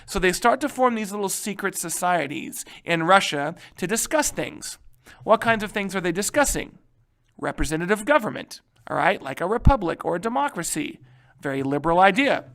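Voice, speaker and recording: A male history teacher giving a casual, animated lecture, joking and checking in with his students. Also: high-pitched, moderate pace, vocal fry. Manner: animated, joking, keeps asking "right?".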